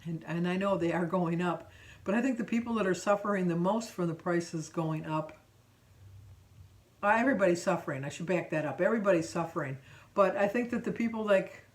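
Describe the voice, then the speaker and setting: A middle-aged woman talks through her day in a casual, rambling vlog, her voice sitting on the low side. She corrects herself often and fills pauses with ums. The mic sits some distance away, so she sounds slightly removed. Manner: rambling, chatty, with frequent ums and self-corrections. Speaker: vlogger.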